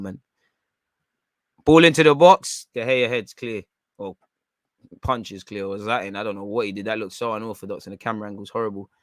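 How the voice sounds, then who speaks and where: Excitable man calling a football match live. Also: fairly low pitch, dry recording, studio quality. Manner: excitable, slangy banter with bursts of shouting at big chances. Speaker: football watchalong streamer. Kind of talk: live match reaction commentary.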